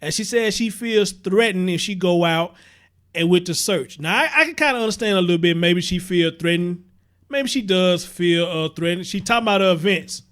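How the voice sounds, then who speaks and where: A man's voice: high voice, moderate pace, fairly bright tone. A man hosting a casual livestream, chatting straight to his viewers and greeting them by name. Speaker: livestream host.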